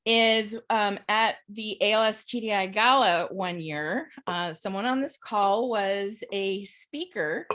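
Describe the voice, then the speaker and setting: A woman on a video call telling funny stories in a chatty, animated way, laughing along as she talks. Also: medium pitch, takes it slowly, hardly any pauses. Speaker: panel participant. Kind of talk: casual storytelling on a video call.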